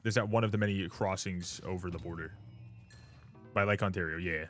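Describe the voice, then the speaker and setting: A man's voice: low voice, fairly even intonation, fairly quick, faint music behind. A man chatting loosely on a live stream. He swears freely, laughs often and keeps calling people dude and brother. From Canada. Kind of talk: casual live-stream chat.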